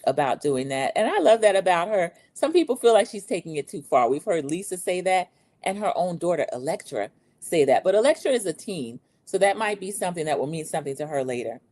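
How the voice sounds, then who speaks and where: A woman's voice: on the low side, sing-song, fairly quick, warm tone. A middle-aged woman hosting a casual, opinionated reality TV recap, chatty and eager to share her own views. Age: Gen X, 40s to 50s. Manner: chatty and opinionated, acts out quotes in a raised voice.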